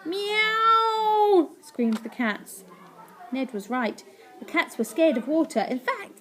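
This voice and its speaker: A woman teacher reading a story aloud to her class, animated and playful, with sound effects. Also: fairly high pitch.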